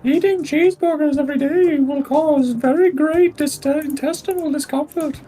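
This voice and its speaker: A man voicing a silly male sage who hands out mock-solemn advice in a squeaky falsetto. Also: moderate pace, dark tone, soft background music, rough recording.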